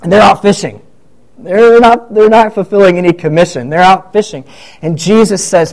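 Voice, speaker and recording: A man's voice: sits high, normal speed, creaky, rough recording. A man preaching a conversational sermon, acting out the voices of the people in the story as he retells it. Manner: conversational, acts out quoted voices. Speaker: pastor.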